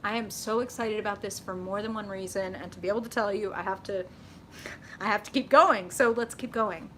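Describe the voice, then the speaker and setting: A young woman hosting a live tarot reading, chatting with viewers in an animated, casual way, swearing freely and saying "like" often. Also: medium pitch, brisk, a little hiss or hum.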